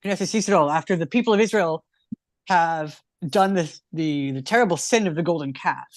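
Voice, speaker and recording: A man's voice: fairly high pitch, normal speed, dry recording. Earnest man in his thirties, a rabbi teaching. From United States. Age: 30s. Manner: earnest, explanatory, with restarts. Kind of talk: teaching in a casual chat.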